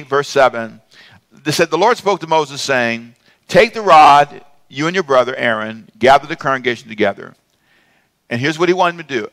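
A man's voice: medium pitch, a bit bright, no echo. A man preaching a sermon as a pastor, calling on the congregation to repeat after him. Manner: preaching with rising passion, calls for congregation to repeat.

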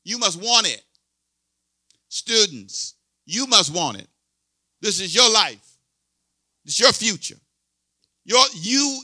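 A man's voice: high-pitched, pushed and bright, no room sound, clean studio sound. A pastor in his sixties preaching a sermon with emphatic, repetitive call-and-response delivery.

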